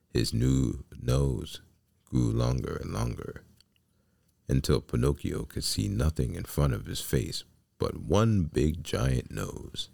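Male podcast host narrating a storybook: very deep, gravelly, slow, dry close sound. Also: sing-song, dark tone, dry recording. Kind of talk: storybook reading.

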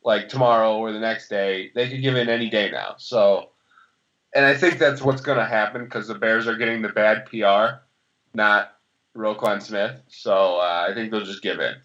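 A young man co-hosting a podcast, talking sports in a steady, reasoned way and steering the conversation along. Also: lowish voice, normal speed. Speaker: podcast co-host. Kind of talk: casual sports chat. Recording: slightly dull lo-fi sound.

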